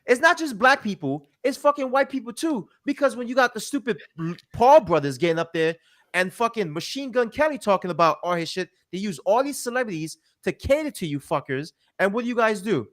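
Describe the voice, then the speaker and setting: A man with a fairly high voice tears into a rant, swearing freely and stressing his points hard. He mimics the people he criticizes in mocking quoted asides. His tone stays emphatic and combative throughout. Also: expressive, brisk, fairly bright tone. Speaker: commentator. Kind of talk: heated commentary rant.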